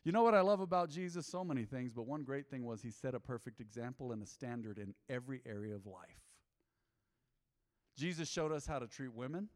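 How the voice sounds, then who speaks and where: In an urban church with long hall reverb, a male pastor preaches emphatically and briskly, his intonation lively. He swings between loud bursts and quiet asides, with big shifts in pitch and volume, and calls on the congregation to answer back.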